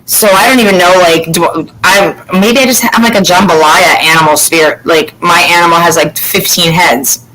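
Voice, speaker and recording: A woman's voice: fairly low pitch, steady tone, normal speed, a bit bright, rough recording. A woman hosting a casual chat, rambling and candid, swearing freely. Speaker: podcast host.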